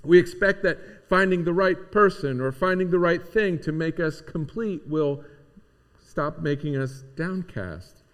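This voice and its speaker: A man's voice: on the high side, measured pace. A man preaching a conversational sermon, talking informally to his congregation with frequent restarts. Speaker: pastor. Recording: long hall reverb.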